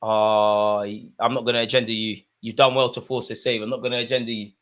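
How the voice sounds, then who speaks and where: A young man, commentating live on a football match for his viewers and shouting at the screen. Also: lowish voice, fairly quick. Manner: excitable, swings from muttering to shouting at the screen. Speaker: football watchalong host. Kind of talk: live watchalong commentary, casual.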